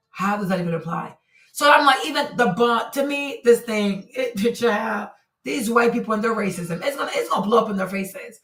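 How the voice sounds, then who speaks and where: A woman hosting a commentary show, talking emphatically with lots of repetition and exclamation, her voice going hoarse. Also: on the high side, animated, moderate pace, a bit bright. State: losing her voice. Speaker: host. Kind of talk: commentary on a criminal case. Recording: echoey room, far from mic.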